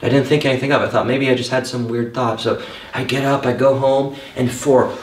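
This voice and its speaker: A man preaching a sermon, telling his own story in an animated way and acting out the thoughts he had back then. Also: medium pitch, fairly quick. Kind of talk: sermon with personal testimony. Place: church hall. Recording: echoey room, mic at a distance.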